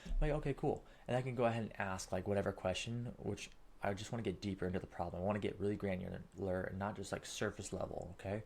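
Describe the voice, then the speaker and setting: A man teaching sales techniques in an emphatic coaching style, often checking in with a quick "okay?". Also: low-pitched, steady tone, vocal fry, darkish tone. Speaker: sales trainer. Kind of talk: coaching lesson.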